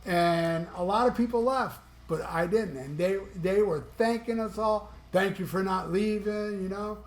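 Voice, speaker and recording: Middle-aged guy from Florida, pitched high, loose and rambling, swears a lot; echoey room, faint music underneath. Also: unhurried. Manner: rambling, enthusiastic, swears freely. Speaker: music vlogger. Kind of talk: casual chat.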